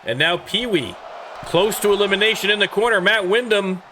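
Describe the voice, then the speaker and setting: A man calling wrestling play-by-play and hosting the show, rattling off moves and rising to shouts on big hits. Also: high voice, brisk, slight background noise. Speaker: play-by-play commentator and show host.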